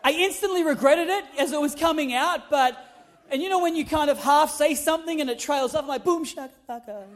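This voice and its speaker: A young man, a pastor, telling a funny personal story in his sermon, animated and humorous with loud emphatic peaks. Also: extremely high pitch, a little fast. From Australia.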